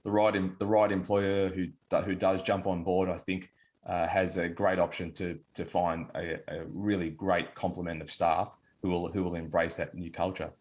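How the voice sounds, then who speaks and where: A male interview host with a somewhat low voice. He asks relaxed questions and keeps the chat moving with short agreements. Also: moderate pace. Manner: brief affirmations, relaxed questions. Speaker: podcast host. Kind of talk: casual interview hosting.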